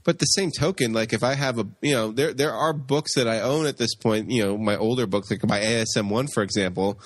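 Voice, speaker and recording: A man's voice: medium pitch, brisk, dry recording. Long island guy rambling on a comics podcast, keeps tripping on his words, dry close sound. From Long Island, New York. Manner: stammering, repeats words often. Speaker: podcast co-host. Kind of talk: casual chat.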